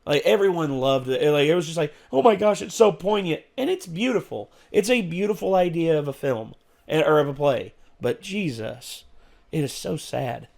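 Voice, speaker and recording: Man, slightly higher voice, casual chat, rambling, lots of restarts. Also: lively intonation, normal speed, creaky, darkish tone. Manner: rambling, many restarts and fillers. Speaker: co-host of reaction show.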